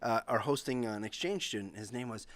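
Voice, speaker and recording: A man's voice: mid-range voice, brisk, dry recording. A man in his thirties co-hosting a podcast, chatting casually and giggling, often stumbling over his words. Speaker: podcast co-host. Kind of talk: casual chat.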